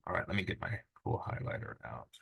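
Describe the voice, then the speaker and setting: A man teaching a recorded language lesson, relaxed and chatty, with many fillers. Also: deep voice, fast, creaky, husky, muffled recording. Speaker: Greek teacher.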